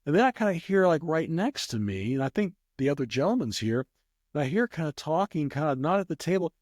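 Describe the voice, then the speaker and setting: A man's voice: fairly high pitch, expressive, fast talker, a little mellow, no room sound. Guy rambling thru a story, lots of restarts, dry close sound. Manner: rambling, many restarts, acts out voices. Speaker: guest, craps player. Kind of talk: casual anecdote in an interview.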